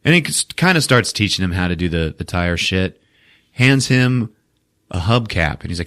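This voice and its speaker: A man hosting a podcast, telling a film's plot in a profane, animated comic style. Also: low-pitched, normal speed. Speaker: podcast host. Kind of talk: comedic movie recap.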